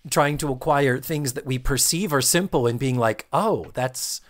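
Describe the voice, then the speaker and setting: A man's voice: medium pitch, moderate pace. A man co-hosting a podcast, retelling a TV episode in casual chat, acting out the quotes and swearing freely. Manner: animated storyteller, acts out quotes, swears freely. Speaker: podcast co-host.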